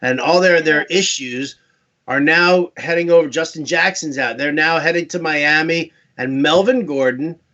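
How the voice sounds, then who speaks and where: A man's voice: a little high, unhurried, bright, forceful tone. A man from New York hosting a live fantasy football stream, chatty and joking, in a lo-fi recording. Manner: chatty, joking, restarts often. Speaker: host. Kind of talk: casual sports chat. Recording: dull lo-fi live stream audio.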